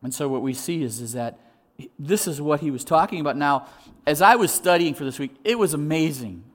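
A male pastor preaching a sermon in an animated way, acting out voices and repeating words as he restarts. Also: on the high side, a little fast.

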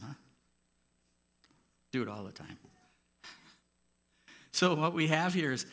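A pastor delivers a sermon in a church sanctuary, speaking conversationally and turning emphatic to drive points home. His voice is mid-range and a bit bright, picked up by a handheld or clip mic that pops.

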